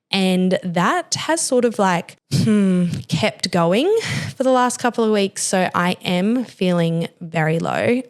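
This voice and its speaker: A young woman hosting a podcast, speaking candidly and emotionally, with many "like" fillers. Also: on the low side. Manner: emotional, confessional, heavy use of "like". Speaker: podcast host. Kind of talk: candid personal podcast talk.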